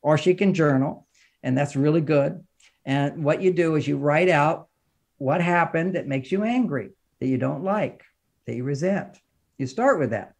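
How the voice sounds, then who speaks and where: A man's voice: normal speed, creaky, darkish tone. Emphatic man giving relationship advice. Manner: emphatic and lecturing, rising in pitch and volume for emphasis; repeats phrases in lists. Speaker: relationship author and counselor, podcast guest. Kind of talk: animated advice talk in an interview.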